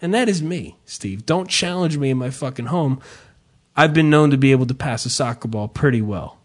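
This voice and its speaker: A man on a podcast telling a long story in casual chat, swearing freely and mocking himself, and shouting the lines he quotes. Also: medium pitch, expressive, moderate pace. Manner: profane, self-mocking storyteller who yells his own quotes. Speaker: podcast host.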